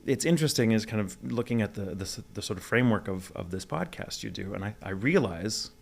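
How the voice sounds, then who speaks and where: A deep-voiced man in his forties with a gravelly edge speaks in a neutral, almost British mid-Atlantic accent. He tells stories in a reflective, well-spoken way during a casual interview. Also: lively intonation, quick pace. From Texas, USA. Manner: articulate, reflective storytelling. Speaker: interview guest, voice actor.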